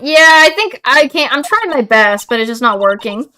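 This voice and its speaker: A woman's voice: high-pitched, animated, pushed and bright, soft background music. Apologetic woman streamer reading game lines. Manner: apologetic, self-correcting, reads lines haltingly.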